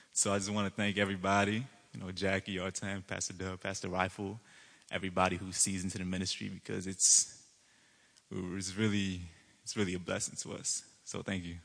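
A young man giving a church testimony, an animated storyteller who acts out his own excitement. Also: low voice, fairly quick, gravelly, in a large hall.

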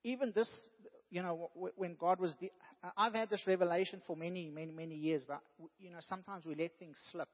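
A man's voice: high voice, fairly even intonation, fast talker. A man preaching a sermon in an earnest way, rising now and then to emphatic bursts. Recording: dull sound with long hall reverb.

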